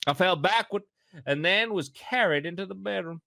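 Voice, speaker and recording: A man's voice: gravelly, pushed and bright, no echo, clean studio sound, heavily acted. A man putting on a drawling fifty-year-old Kentucky farm woman. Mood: solemn. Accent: put-on Kentucky American. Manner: slow, drawn-out reading in an exaggerated high drawl. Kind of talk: comic read-aloud on a podcast.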